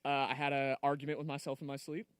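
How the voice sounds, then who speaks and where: A young man co-hosting a church youth live stream, telling stories in an animated way with frequent laughs. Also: medium pitch, quick pace, smooth, dry recording, studio quality. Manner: animated storyteller, laughs often. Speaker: student co-host. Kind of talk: casual live stream chat.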